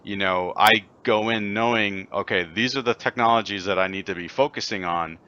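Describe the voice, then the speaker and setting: A man's voice: lowish voice, moderate pace, pushed and bright, lo-fi sound. A man co-hosting a casual chat show, easygoing and upbeat, sharing his own conference habits. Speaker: podcast co-host.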